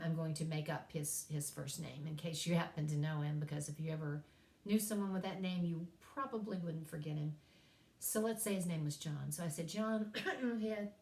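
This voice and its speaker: A college English teacher from East Tennessee tells folksy classroom stories with self-deprecating humor in a recorded course lecture. Her voice is fairly low and darkish in tone, and the room is echoey.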